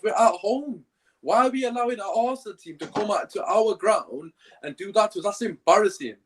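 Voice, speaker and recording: A young man co-hosting a football fan reaction chat, speaking in a frustrated, emphatic way. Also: high voice. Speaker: fan channel co-host.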